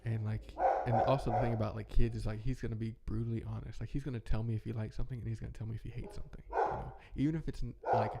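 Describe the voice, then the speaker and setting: A man's voice: lowish voice, flat delivery, very fast, vocal fry, few pauses, very noisy. A young man talking in a rambling, heartfelt way, chatting casually as a podcast host. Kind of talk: casual reflective chat.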